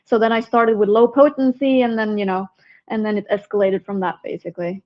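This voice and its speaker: A woman from Sweden with a Swedish accent, a herpetologist talking casually as an interview guest, chatty and quick to laugh. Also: medium pitch, fairly even intonation, muffled recording. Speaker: guest, herpetologist and venomous snake keeper.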